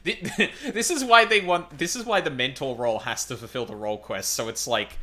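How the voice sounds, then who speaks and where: A man's voice: mid-range voice, a little fast, few pauses, sharp tone. A man streaming a game, chatting casually with wry remarks and frequent swearing. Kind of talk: casual gaming commentary.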